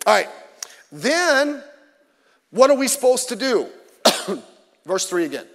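A man's voice: very high voice, big pitch swings, slow, long pauses, fairly bright tone, long reverb tail. A male pastor preaching a sermon in an emphatic, conversational way, mixing in self-deprecating jokes.

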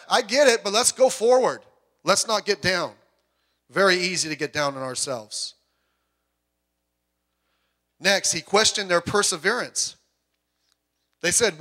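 High-voiced, lively man preaching. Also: a little slow, long pauses. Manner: animated, joking, with sudden loud outbursts; puts on voices when quoting people. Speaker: pastor. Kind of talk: sermon.

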